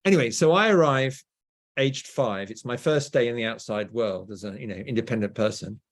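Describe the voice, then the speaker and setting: A man's voice: medium pitch, brisk. A middle-aged English man with a standard southern English accent, a guest telling stories in an interview and often tagging his points with "right?". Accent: southern English, BBC-style. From England. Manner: storytelling, often adds "right?". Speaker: guest author. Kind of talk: conversational interview.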